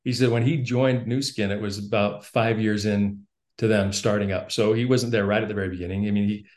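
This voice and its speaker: Man telling a story with animated energy. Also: lowish voice, a little fast. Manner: animated storyteller who laughs often and repeats words when starting sentences. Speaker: podcast guest. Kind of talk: storytelling in casual conversation.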